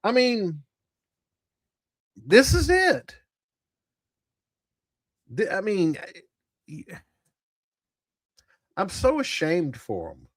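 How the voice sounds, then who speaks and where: A man's voice: sits high, big pitch swings, slow, long pauses, no echo, clean studio sound. A man hosting a tabletop gaming channel, giving blunt, profane, rambling commentary to a live chat. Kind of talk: casual livestream commentary.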